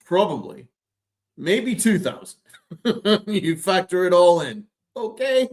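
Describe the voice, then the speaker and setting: A man's voice: sits high, sing-song, takes it slowly. Sarcastic, ranting male podcast host. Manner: sarcastic, exasperated, profane. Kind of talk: ranting sports commentary.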